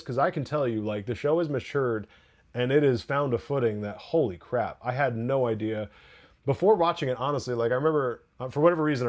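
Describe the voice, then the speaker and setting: A man hosting a TV podcast, giving a casual, excited episode review full of restarts and asides. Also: mid-range voice. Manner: excited, rambling, with frequent restarts.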